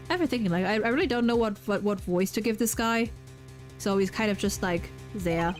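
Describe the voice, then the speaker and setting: A woman's voice: mid-range voice, fairly quick, soft background music. German-accented young woman, streamer chatter. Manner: swears freely, stammers on restarts. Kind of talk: casual game commentary.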